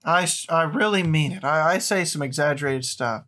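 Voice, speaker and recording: A man's voice: fairly high pitch, normal speed, pushed and bright. A man hosting a casual movie podcast, rambling bluntly with frequent restarts. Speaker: podcast host.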